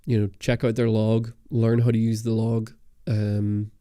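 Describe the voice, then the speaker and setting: Reading the chat on his camera channel's livestream Q&A, this young Irish-British host chats loosely, rambling and restarting with frequent ums. He speaks in a low, dark, monotone voice at a measured pace, and the studio dynamic mic captures clean studio sound with no room noise.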